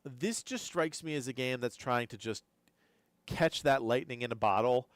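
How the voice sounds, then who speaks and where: Guy streaming game news, yawny and sleepy, smooth clear voice, dry sound, kinda rambly. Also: mid-range voice, moderate pace, dry recording. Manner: rambling, repeats words while thinking aloud. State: drowsy, keeps yawning. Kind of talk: live-stream reaction commentary.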